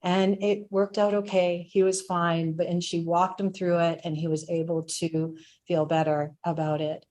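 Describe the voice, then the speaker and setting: A woman's voice: fairly low pitch, little pitch movement, normal speed. Woman giving a reflective spiritual talk. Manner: warm reflective storytelling, laughs now and then. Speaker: spiritual director.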